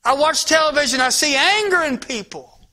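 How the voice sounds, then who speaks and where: Guy preaching, real high bright voice, gets loud then drops to a near whisper. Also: expressive, moderate pace. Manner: impassioned preaching that swings from loud to hushed. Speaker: pastor. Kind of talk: sermon.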